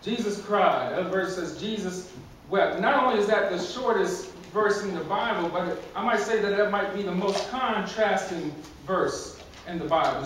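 In a church sanctuary, a man whose voice sits high preaches a relaxed, joking sermon, often repeating words and laughing at his own humor. The recording picks him up from a distance in a very reverberant hall, with a little background noise.

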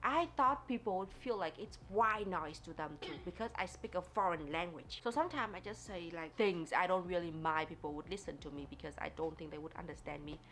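A woman from Vietnam, talking in a casual, expressive way for a vlog, with grammar and frequent laughs. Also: fairly low pitch, a little fast, few pauses, a little hiss or hum. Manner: chatty and expressive, laughs often, non-native English grammar. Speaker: vlogger.

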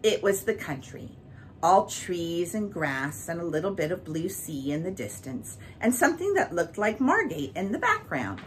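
A woman reads a children's book aloud, her voice sitting a little low. Her delivery rises and falls a lot as she tells the story. A faint hiss sits under the recording. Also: normal speed, low-quality recording. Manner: expressive, varied reading.

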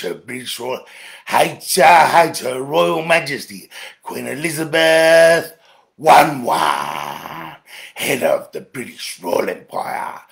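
An Australian man in an angry, profane monologue to camera, dropping to low mutters, then shouting. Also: vocal fry. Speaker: video ranter.

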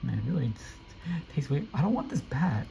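A young man giving live, excitable commentary while playing a video game, often repeating quick exclamations. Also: fairly high pitch, gravelly, a little hiss or hum, rough recording. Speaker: gameplay streamer.

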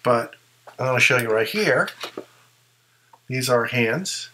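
A man's voice: medium pitch, expressive, slow pace, pushed and bright, slight background noise, low-quality recording. A man who collects ventriloquist figures, chatting casually in a rambling show-and-tell and second-guessing himself as he goes.

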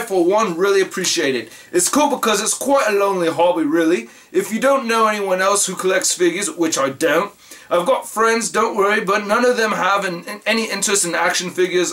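A man's voice: high voice, fairly bright tone. A man reading a fan letter aloud in a put-on British accent as a young British male fan, hesitant and self-aware about the accent.

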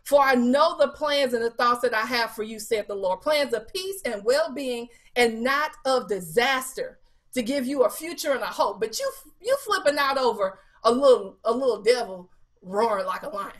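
Woman preaching with a high lively voice. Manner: animated preaching with scripture quotes and rhetorical questions; casual colloquial speech with fillers. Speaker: evangelist preaching at Bible study. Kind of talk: sermon.

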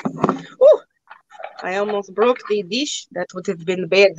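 A woman's voice: medium pitch, animated, slow, a little mellow, highs cut off, slight background noise. A young woman hosting a live online auction, joking around in a put-on broken-English accent. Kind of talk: live sale chat.

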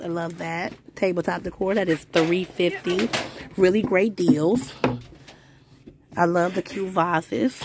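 A woman's voice: lowish voice, slight background noise. A woman filming a casual haul inside a discount store, talking in an upbeat, gushing way as she walks the aisles. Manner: gushing, upbeat, repeats "love, love, love". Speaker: shopping vlogger.

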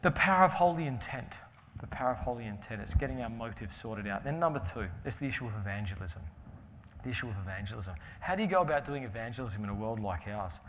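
Preacher in a reverberant hall. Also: male voice, mid-range voice, animated, fast, slight background noise. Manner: storytelling, humorous, swings from loud to hushed. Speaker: pastor. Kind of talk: conference sermon. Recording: reverberant hall with faint ambience.

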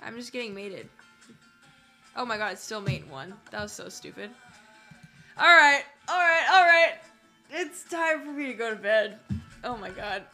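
A woman's voice: mid-range voice, expressive, moderate pace, fairly bright tone, soft background music. A woman chess streamer chatting casually and talking to herself as she plays.

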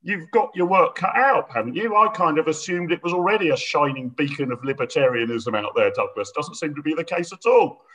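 A man's voice: a little high, lively intonation, brisk, hardly any pauses, fairly bright tone, rough recording. A man from Britain hosting and chairing an interview, upbeat and chatty with frequent fillers. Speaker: host, chair of the discussion.

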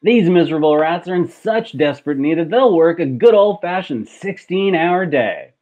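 A gloating, greedy factory owner, read by a man in a hammy comic style. His voice sits a little high and comes through a tinny, phone-like video call line. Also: lively intonation, moderate pace, a little mellow, close to an everyday voice. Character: greedy gloating male industrialist.

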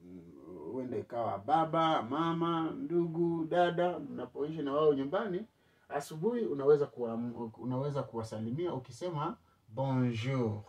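A man teaching a spoken language lesson, repeating words slowly for learners to echo back. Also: mid-range voice, lively intonation, darkish tone, distant mic. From East Africa.

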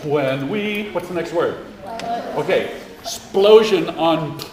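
A man's voice: on the high side, slow pace. A man directing a choir rehearsal, coaching the singers with encouragement and singing phrases to show them how. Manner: encouraging, sings phrases to demonstrate. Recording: echoey room heard from far off with background noise.

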